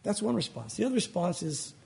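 A man's voice: sing-song, fast talker, vocal fry, darkish tone, a little hiss or hum. A man preaching a sermon as a pastor, earnest and pleading, often rising and dropping his voice for emphasis. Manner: earnest, pleading, rises and falls in pitch for emphasis.

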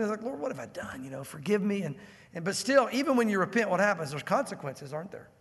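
A man's voice: high-pitched, fairly bright tone. A male pastor teaching a verse-by-verse sermon, talking conversationally and acting out what the biblical figures might say. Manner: conversational, acts out biblical characters' lines. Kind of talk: expository sermon. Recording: long hall reverb.

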